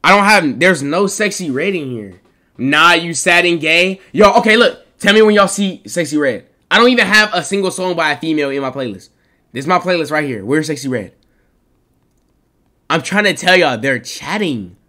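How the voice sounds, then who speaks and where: A young man on a live stream, talking fast and excitably and repeating his protests. His voice sits a bit high, with a bright edge and pitch that swings all over the place. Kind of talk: casual live-stream reaction.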